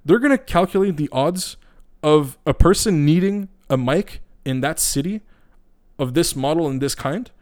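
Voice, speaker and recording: A man's voice: a little high, expressive, normal speed, a little mellow. A man podcasting into a microphone, ranting in a casual, profane, blunt and rambling way with many restarts.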